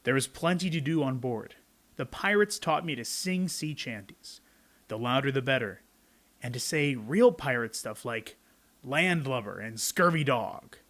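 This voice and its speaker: A man's voice: mid-range voice, lively intonation, a little slow, a bit bright. Young man, children's book reader, chatty asides, reading a picture book aloud.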